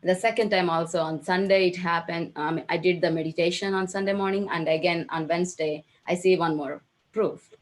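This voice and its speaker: A woman on a video call sharing her experience with a program, halting and emotional, with many fillers and restarts. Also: on the low side, steady tone. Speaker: program participant.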